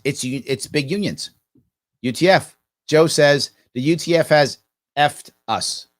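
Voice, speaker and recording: A man, hosting a live ask-me-anything stream and telling stories with mocking voices and sarcastic asides. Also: medium pitch. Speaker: livestream host answering viewer questions.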